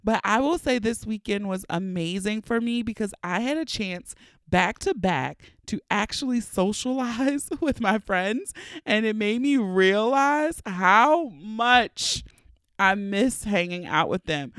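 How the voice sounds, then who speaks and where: A woman's voice: medium pitch, slow, smooth, no echo, studio quality. Chatty stuffy-nosed woman podcast host. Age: 30s. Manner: chatty, playful and animated, laughing often. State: stuffy from allergies. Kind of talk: casual podcast monologue.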